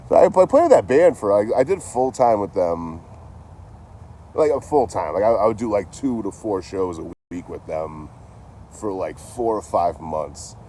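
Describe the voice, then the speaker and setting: Low-voiced man rambling through a story. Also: dark tone, a little hiss or hum. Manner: rambling, heavy swearing, laid-back. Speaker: livestreamer telling stories. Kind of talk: casual storytelling to a live chat.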